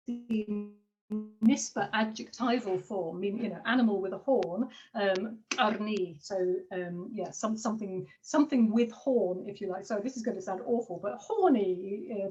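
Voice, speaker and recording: A woman giving an online academic seminar, hesitant, with frequent fillers and quick apologies as she juggles her slides. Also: medium pitch, darkish tone, muffled recording. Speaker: linguistics lecturer.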